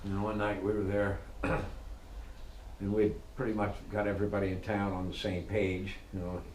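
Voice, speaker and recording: A middle-aged man with a low voice tells a story in casual talk at normal speed, laughing often, swearing, and acting out what people said. His delivery is animated, and the recording has an echoey room with faint noise.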